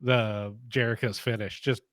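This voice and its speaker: A man co-hosting a wrestling podcast, chatting and telling stories in an animated way with laughter. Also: mid-range voice, measured pace, dry recording, clean studio sound. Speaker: podcast co-host. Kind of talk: casual chat, storytelling.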